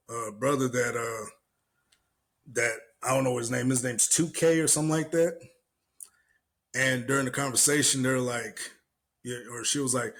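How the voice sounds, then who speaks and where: A young man co-hosting a podcast, retelling an online argument in casual, profane slang and mimicking the people in it. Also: mid-range voice. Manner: animated retelling with mimicked voices, cursing, laughing. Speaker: podcast co-host. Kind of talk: casual chat.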